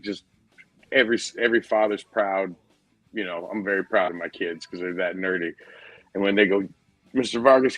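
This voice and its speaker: A low-pitched man in his forties tells rambling, profane stories in an easy, casual podcast chat. His voice sits dry and close to the mic, with no room sound around it. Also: a bit bright, no room sound, low-quality recording. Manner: profane, rambling storyteller, says dude a lot. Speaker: podcast host.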